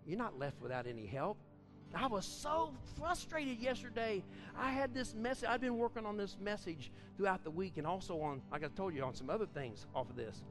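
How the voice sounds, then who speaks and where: A man preaches a church sermon in a high, fervent voice. He swings from loud, ringing outbursts to quiet, chatty storytelling. Faint music plays behind him. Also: lively intonation, brisk. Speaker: pastor. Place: church service.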